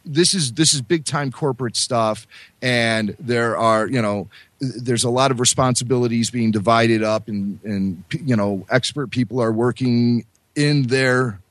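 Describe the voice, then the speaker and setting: A man co-hosting a podcast, explaining his views in a measured, firm way. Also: medium pitch, no room sound. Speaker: podcast co-host. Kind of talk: casual podcast discussion.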